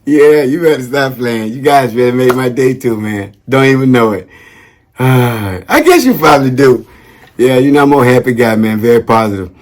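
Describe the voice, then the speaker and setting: Man, casual vlog chat, upbeat, rambling, slangy, medium pitch. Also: animated, moderate pace. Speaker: vlogger shouting out veterans. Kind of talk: casual talk to camera.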